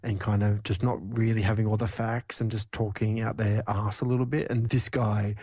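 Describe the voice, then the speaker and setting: A man's voice: on the low side, level tone, moderate pace, darkish tone, no room sound. A young man co-hosting a podcast, chatting casually and rambling about a film, with lots of "kind of". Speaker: podcast co-host.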